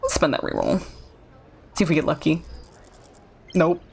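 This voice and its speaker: A woman's voice: low-pitched, wildly swooping pitch, moderate pace, gravelly, a little mellow, slight background noise. A woman streamer chatting casually while playing a game and reading its dialogue aloud. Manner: reads game dialogue aloud, laughs often. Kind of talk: casual gameplay commentary.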